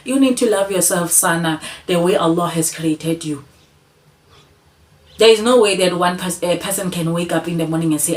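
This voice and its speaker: A woman's voice: fairly low pitch, normal speed, a little mellow, slight background noise, low-quality recording. A woman giving an earnest, repetitive motivational talk to camera, coaxing the listener again and again. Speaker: channel host.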